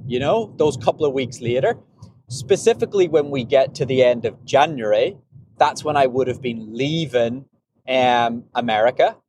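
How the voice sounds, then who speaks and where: A podcast host who runs talks about running in a casual, rambling monologue, frequently repeating and restarting words. His voice is medium-pitched and a little mellow, with slight background noise.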